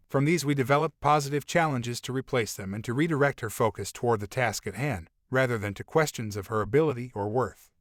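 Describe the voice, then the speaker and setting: A man reading nonfiction aloud as an audiobook narrator, in a calm and measured way. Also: mid-range voice, no room sound, clean studio sound.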